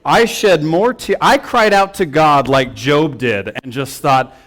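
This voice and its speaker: A man's voice: on the high side, measured pace, hardly any pauses, a bit bright. A young man preaching in a church, telling a personal story with self-mocking humor and acted-out quotes. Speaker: pastor. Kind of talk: storytelling sermon. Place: church sanctuary.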